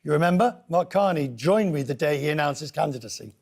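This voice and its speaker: A man's voice: a little high, lively intonation, fast talker, vocal fry, a little mellow. A man hosting a news show, talking conversationally with stammering restarts.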